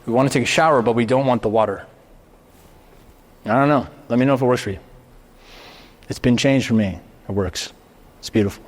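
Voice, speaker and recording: A man giving a live motivational talk to an audience, animated and expressive, firing off rhetorical questions with the occasional swear word. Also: mid-range voice, fairly quick, pauses often. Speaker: motivational speaker. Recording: reverberant hall.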